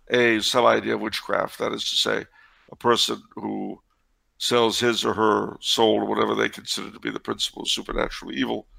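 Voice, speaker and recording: A man's voice: lowish voice, gravelly, pushed and bright. A man answering questions on church history in casual discussion, with wry, digressive, sardonic asides.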